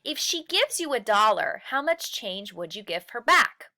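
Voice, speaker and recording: Animated, bright-voiced woman teacher. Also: fairly high pitch. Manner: patient, explains step by step with rhetorical questions; stretches and slows key words for emphasis. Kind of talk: recorded lesson walkthrough.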